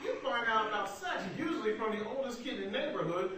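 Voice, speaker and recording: Young guy doing standup in a small theater, animated, far off mic, noisy echo. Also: extremely high pitch, fast. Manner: animated, conversational storytelling. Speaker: stand-up comedian. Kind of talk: stand-up comedy. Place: small black box theater.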